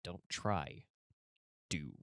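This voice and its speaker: A man voicing a stern male fight boss who gives blunt, quiet orders. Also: deep voice, expressive, drawn-out words, clean tone, no echo, clean studio sound, exaggerated voice.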